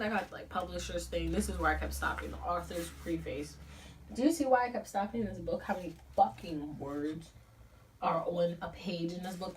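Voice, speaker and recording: A young woman vlogging about a book, telling a casual, profane story with lots of fillers to the camera she films herself on. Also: lowish voice. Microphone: camera filming herself. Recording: a bit distant from the mic, faint room noise.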